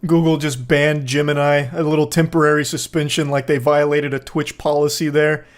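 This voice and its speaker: A young man hosts a casual commentary video, mixing sarcastic asides with frequent swearing. His voice sits a little higher than most men's. He sounds loose and offhand as he reacts. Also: level tone, normal speed. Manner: sarcastic, profane, jokey asides.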